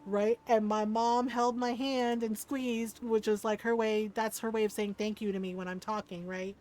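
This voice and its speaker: Chatty woman streamer, slightly high voice. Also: normal speed. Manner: animated storyteller, tags sentences with "right?"; warm greetings to viewers by name. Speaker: variety streamer. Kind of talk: casual chat with live viewers.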